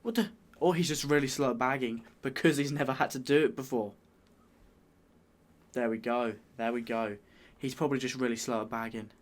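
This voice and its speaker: A man's voice: medium pitch, fairly even intonation, a little fast, slight background noise. A British man in a medium register comments on a clip. He talks casually and rambles, sounding bemused. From United Kingdom. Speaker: reaction video host.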